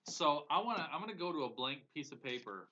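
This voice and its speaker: A man's voice: on the high side, very animated, fast, bright, forceful tone. A man coaching viewers on a live broadcast in an earnest, emotional way, often repeating phrases for emphasis. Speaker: business coach. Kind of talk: live-streamed motivational coaching. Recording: dull lo-fi audio.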